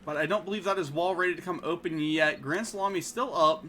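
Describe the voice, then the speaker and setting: Bright high-voiced male esports caster. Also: a little hiss or hum. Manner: rapid play-by-play, excited on big plays. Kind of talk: live play-by-play commentary.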